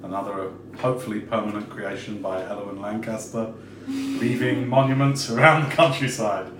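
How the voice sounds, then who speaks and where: A man's voice: fairly low pitch, fairly even intonation, very noisy. Man narrating as game master, echoey. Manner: unhurried, descriptive, many fillers. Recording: roomy echo, distant mic.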